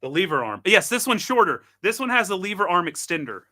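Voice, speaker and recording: Host, male, tinkering on camera, bright tense voice; loose, self-mocking chatter. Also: sits high, big pitch swings, fairly quick. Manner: chatty, self-deprecating, thinks aloud while tinkering. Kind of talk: casual live product demo.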